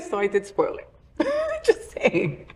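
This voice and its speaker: Animated sassy woman hosting a chat show. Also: very high voice, very slow, a little hiss or hum. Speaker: talk show host. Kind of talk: casual chat.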